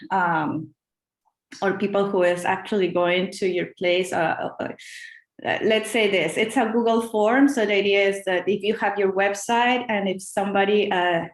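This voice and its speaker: Woman leading a group video call, slow sing-song chanting then chatty talk full of ums, echoey room. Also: mid-range voice. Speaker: meeting host and dance leader. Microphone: video call computer mic.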